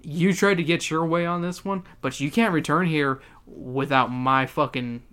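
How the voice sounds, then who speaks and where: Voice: medium pitch, moderate pace, fairly bright tone, lightly acted. A podcast host voicing a foul-mouthed, brash male scientist in a crude rant.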